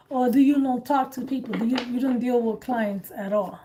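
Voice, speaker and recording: A woman hosting a casual chat, animated and blunt, laughing often. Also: fairly high pitch, normal speed, slight background noise. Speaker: host.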